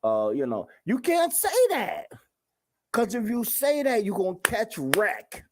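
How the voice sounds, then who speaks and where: A man's voice: sits high, huge pitch swings, measured pace, background noise. A man hosting his own show, talking casually and in slang straight to his viewers. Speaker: show host. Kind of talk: casual talk-show monologue.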